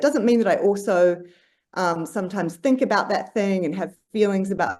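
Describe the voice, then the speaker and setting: Woman on a podcast thinking out loud, lots of um and restarts, easygoing mid voice. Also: mid-range voice, normal speed. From Australia. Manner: searching, hesitant, many fillers and restarts. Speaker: podcast guest, psychologist. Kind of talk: reflective conversation.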